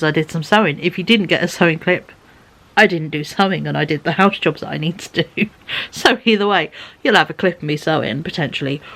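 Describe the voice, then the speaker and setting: Chatty woman, slightly croaky. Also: fairly low pitch, a bit bright. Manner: rambling, chatty, laughs often. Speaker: vlogger. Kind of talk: casual chat to camera.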